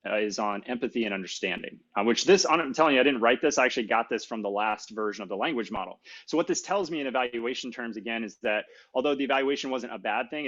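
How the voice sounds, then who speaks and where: A man's voice: mid-range voice, fairly bright tone, highs cut off. Casual man giving a tech talk. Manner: casual, self-deprecating, many fillers. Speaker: conference speaker. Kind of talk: technical conference talk.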